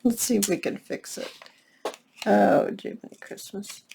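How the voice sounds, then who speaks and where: A woman's voice: mid-range voice, fairly even intonation, measured pace, gravelly, background noise. An older woman hosting a casual, chatty crafting tutorial, talking straight to her viewers in a folksy way. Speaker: craft channel host.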